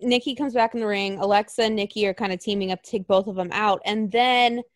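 A woman chatting casually as a co-host, animated and sarcastic, often laughing and acting out what others said. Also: medium pitch, quick pace, dry recording, clean studio sound. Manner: animated, sarcastic, acts out quotes in exaggerated voices, laughs often. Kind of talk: casual chat.

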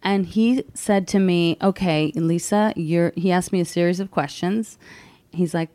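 A woman's voice: on the low side, unhurried, dark tone, dry recording. A woman speaking as a guest, telling a personal story candidly and with emotion, acting out the voices of people she quotes.

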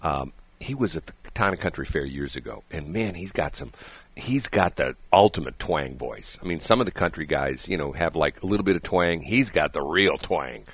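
With an extremely low, husky voice at normal speed, a man hosts a morning radio show in a studio. He chats casually and tells rambling, animated stories, chuckling along the way, with no echo in the recording.

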